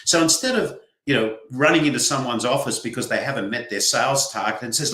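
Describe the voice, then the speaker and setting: A man's voice: mid-range voice, brisk, few pauses, bright, forceful tone. An older man with an Australian accent, a guest author speaking earnestly in a livestream interview. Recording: roomy echo.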